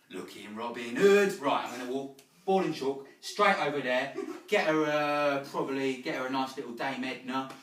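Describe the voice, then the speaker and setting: A man playing a brash Cockney geezer with loud rhyming-slang patter, in a live one-man comedy show in a living room. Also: mid-range voice, unhurried, slight background noise, lightly acted. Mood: cocky. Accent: put-on Cockney. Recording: roomy sound from a distant mic.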